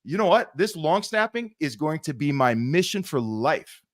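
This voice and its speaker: A man co-hosting a podcast, asking long setup questions in a relaxed, chatty way. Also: fairly high pitch, moderate pace, dry recording, clean studio sound. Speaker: podcast co-host. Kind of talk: casual interview chat.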